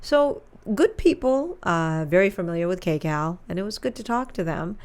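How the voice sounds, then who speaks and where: Low, gravelly-voiced woman in chat. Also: big pitch swings, normal speed. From Pakistan. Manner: chatty and joking, with asides. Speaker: radio DJ and school district spokeswoman, guest. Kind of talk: casual interview chat.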